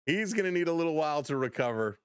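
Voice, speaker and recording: A man hosting a live baseball play-by-play stream, excitable on big plays, chuckling often and greeting chat viewers by name. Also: fairly high pitch, fast talker, smooth, no room sound, clean studio sound.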